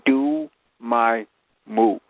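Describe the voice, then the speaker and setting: An older man voicing a calm male gorilla who quietly gives him advice in a matter-of-fact way. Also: medium pitch, very slow. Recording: tinny phone line.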